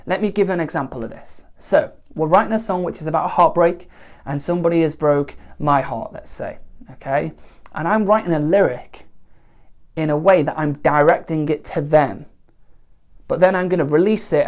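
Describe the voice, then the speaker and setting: A woman teaching songwriting in a relaxed, conversational way, often pausing to check in with the listener. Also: deep voice. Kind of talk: spoken songwriting lesson to camera.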